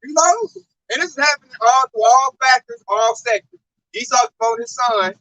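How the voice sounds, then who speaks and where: A man in a casual religious talk, preaching in an animated, profane way. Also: very high-pitched, moderate pace, a little hiss or hum, poor audio. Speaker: religious talk show speaker.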